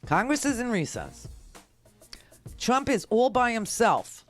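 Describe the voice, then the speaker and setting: Lady radio host ranting sarcastically about politics, fairly high voice, faint music under her. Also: huge pitch swings, slow pace. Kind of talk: political talk radio monologue.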